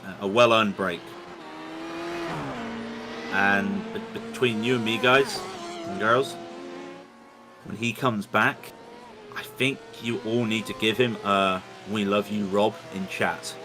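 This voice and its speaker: A low-pitched man calls a sim race from his home computer. He rambles, restarts his sentences and apologizes along the way, and steady noise sits under his voice on the stream. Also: slow, pauses often. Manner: rambling, self-interrupting, apologetic. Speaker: sim racing commentator. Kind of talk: live race commentary and chat. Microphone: home computer mic over unstable internet. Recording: noisy stream with connection dropouts.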